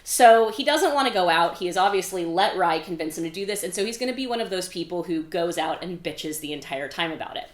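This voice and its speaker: A woman author casually talking through her own novel in a chatty, informal way, with playful swearing and quick paraphrased character quips. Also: lowish voice, animated. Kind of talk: casual book discussion. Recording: echoey room.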